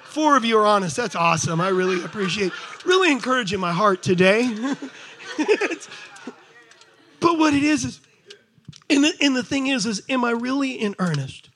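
A man's voice: very high-pitched, expressive, normal speed, long pauses, slight background noise. A man preaching a sermon, telling stories to the congregation and pressing his points with energy. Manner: conversational storytelling with asides to the congregation; rises to shouted exhortation. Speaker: pastor.

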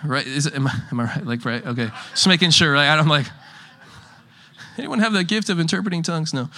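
Bright-voiced young male pastor, rambling. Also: a little high, fast, a little hiss or hum. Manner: rambling, restarts often, chuckles through anecdotes. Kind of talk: casual conversational sermon.

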